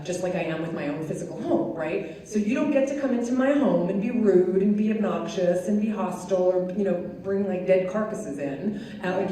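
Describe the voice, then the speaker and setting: A woman's voice: fairly low pitch, mellow. A woman giving a chatty, conversational talk to an audience, with many fillers. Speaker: speaker. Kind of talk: live talk with audience questions. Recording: echoey hall, distant mic, faint noise.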